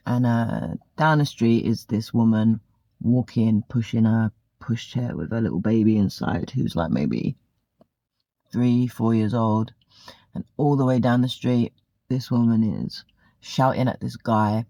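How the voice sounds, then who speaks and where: A woman's voice: a bass voice, slow pace, vocal fry, pauses often, dark tone, dry recording. A woman, vlogging a candid, profane story in a chatty way. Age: 40s. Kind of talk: casual storytelling monologue.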